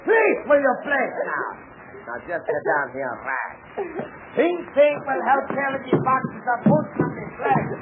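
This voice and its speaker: A man's voice: extremely high pitch, very animated, measured pace, phone-quality sound, loud music behind the voice, full character voice. An actor playing a wily foreign henchman who speaks broken English in a 1940s radio drama. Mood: soothing. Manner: broken English, sly and coaxing. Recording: scratchy noisy 1940s radio broadcast.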